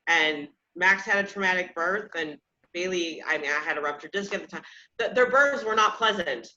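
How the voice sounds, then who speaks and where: A woman's voice: on the low side, normal speed, sharp tone. A woman in her thirties hosting a podcast, telling personal stories in a candid, self-deprecating way and often laughing at herself. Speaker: podcast host. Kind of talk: casual personal storytelling. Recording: slightly dull lo-fi sound.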